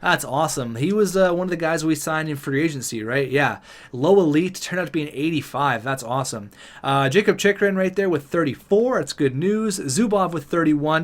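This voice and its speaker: Man, slightly high voice, casual game commentary, chatty, excitable. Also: moderate pace. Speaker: gaming YouTuber.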